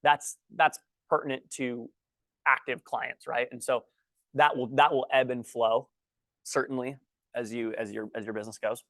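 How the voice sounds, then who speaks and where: A man's voice: medium pitch, flat delivery, a bit bright, no echo. Slightly breathless male workshop trainer. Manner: halting, restarts sentences often; writes on a board while talking. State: a little out of breath. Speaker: guest trainer. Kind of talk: teaching a workshop.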